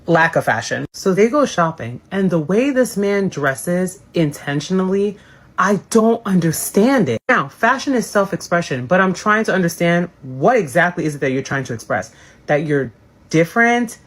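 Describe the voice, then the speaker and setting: A woman's voice: on the low side, sing-song, moderate pace. Woman ranting through a tv recap, sassy, exasperated, cusses a lot. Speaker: host. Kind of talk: casual live recap chat.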